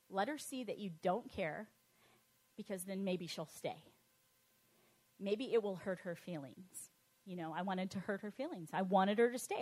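A woman with a mid-range voice shares her personal testimony conversationally, halting often with fillers and restarts. At tender moments her voice drops soft and quiet.

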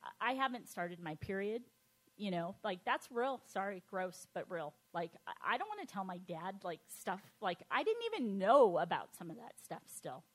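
Woman sharing her life story, chatty, lots of likes and ums, goes soft and quiet sometimes. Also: mid-range voice, very animated. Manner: conversational, halting with fillers and restarts. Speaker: speaker sharing a personal testimony. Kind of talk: personal testimony talk.

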